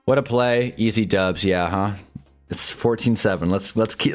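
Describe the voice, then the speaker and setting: A young man commentating live on football games for his stream, ranting at the refs and reacting fast to each play. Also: on the low side, faint music behind. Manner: frustrated, ranting, quick reactions. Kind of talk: live sports watch-along commentary.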